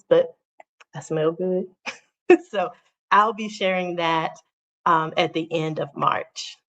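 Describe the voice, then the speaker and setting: A woman with a low, gravelly voice hosts a casual livestream from home. She chats loosely and directly with her viewers. The audio is dull and lo-fi. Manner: chatty, talks straight to viewers as "y'all". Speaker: channel host. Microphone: phone or webcam on a livestream.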